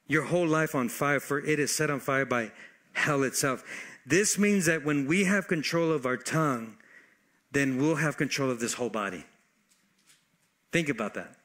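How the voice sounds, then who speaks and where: A man preaching a sermon, calling for responses from the congregation and shifting his pace and loudness. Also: mid-range voice. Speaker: pastor.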